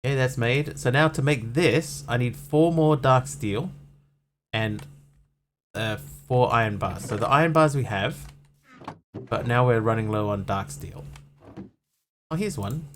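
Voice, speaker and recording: A man of medium pitch chats casually while he plays a game on stream. He rambles and thinks aloud, filling pauses with ums and uhs. A faint hiss of noise sits under his voice. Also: a bit bright. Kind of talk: casual gameplay commentary.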